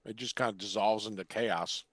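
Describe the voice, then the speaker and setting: A man's voice: on the low side, steady tone, moderate pace, fairly bright tone, no room sound, clean studio sound. An older man co-hosting a podcast, chatting casually and cracking crude jokes he chuckles at himself. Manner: crude joker, chuckles at his own gags. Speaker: podcast co-host. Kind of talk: casual chat.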